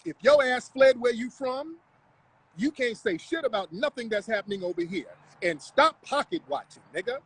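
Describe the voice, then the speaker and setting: A man's voice: extremely high pitch, lively intonation, moderate pace, a bit bright, a little hiss or hum, rough recording. A man hosting a livestream, talking in a confrontational, mocking, profane rant. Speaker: livestream host. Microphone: live stream mic.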